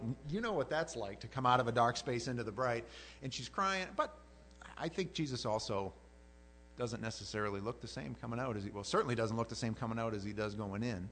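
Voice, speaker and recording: A middle-aged male pastor gives a sermon in a storytelling way. His pitch swings widely as he acts out the voices in the story. A faint electrical hum sits under the recording. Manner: animated storytelling, acting out voices. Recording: mains hum.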